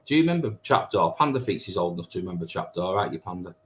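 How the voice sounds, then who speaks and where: A man's voice: sits low, very animated, racing. A man in his thirties hosting a live stream, chatting and teasing viewers as he reads their comments. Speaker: live stream host reading chat. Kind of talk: casual chat with viewers.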